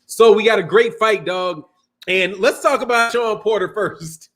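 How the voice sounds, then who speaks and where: A man's voice: high-pitched, measured pace, fairly bright tone. A man hosts a casual boxing livestream. He talks loosely and profanely, laughing often. He breaks off to read out super chats. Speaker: boxing channel host.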